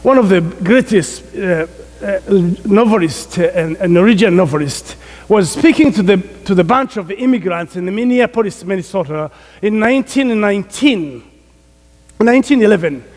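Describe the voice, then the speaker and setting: A man's voice: high voice, animated, normal speed, darkish tone. A middle-aged man with an African accent preaching a sermon as a guest preacher, jovial and often laughing between remarks. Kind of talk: sermon with prayer. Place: large church sanctuary. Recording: long reverb of a church hall.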